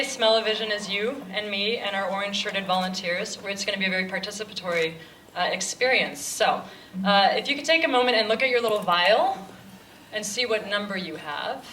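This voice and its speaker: A woman's voice: mid-range voice, pushed and bright. Woman, live presenter, chatty, joking, distant mic, echoey hall, crowd noise. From Los Angeles, USA. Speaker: event presenter giving audience instructions. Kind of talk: live address to a cinema audience. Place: large cinema auditorium. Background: audience noise and murmur.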